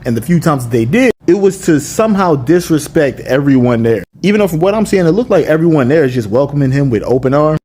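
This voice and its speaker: Earnest, lively-voiced male commentator. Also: mid-range voice, slight background noise. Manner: casual, earnest, slangy. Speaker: reaction commentator. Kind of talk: reflective reaction commentary.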